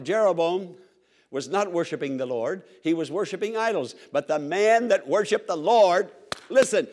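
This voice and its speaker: A man preaching a sermon to a congregation, emphatic and repetitive, calling for responses. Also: a little high.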